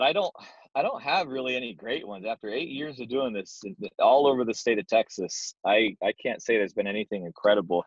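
A man's voice: lowish voice, a bit bright, dry recording. A young man casually telling a self-deprecating story as a guest, easygoing and plain-spoken. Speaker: guest, door-to-door sales manager. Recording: dull, dry lo-fi sound.

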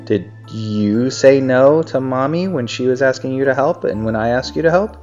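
A man reading a children's story aloud and chatting with his child, a gentle, animated storyteller. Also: medium pitch, normal speed, faint music behind. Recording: dull lo-fi recording.

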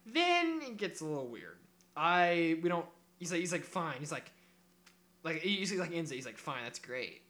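A young man with a bright, forceful voice tells a story on a casual podcast. He is animated, swears freely and acts out every line of the exchange. His voice sits a little higher than most men's. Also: normal speed. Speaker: podcast co-host.

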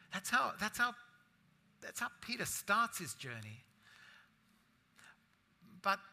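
Bright, forceful male pastor preaching. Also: on the high side. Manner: conversational preaching with rhetorical asides. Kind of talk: sermon.

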